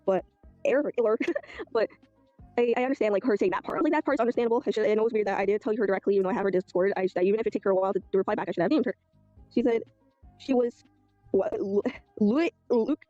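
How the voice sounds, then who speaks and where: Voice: mid-range voice, fast, warm tone, no echo, dull audio, faint music behind. A video creator rambling through a dispute, reading old messages aloud. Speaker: video creator telling a story. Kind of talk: casual storytelling recap.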